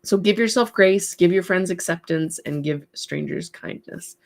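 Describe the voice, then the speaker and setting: A woman's voice: on the low side, moderate pace, vocal fry. A woman hosting a craft livestream, chatting casually, reading viewer comments aloud and giving encouraging advice with frequent laughs. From part English heritage. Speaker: livestream host, artist.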